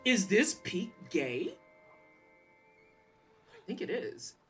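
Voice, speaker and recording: A woman streaming live, giving playful gameplay commentary with loud trash talk and quick, swearing reactions. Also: medium pitch, big pitch swings, husky, faint music behind.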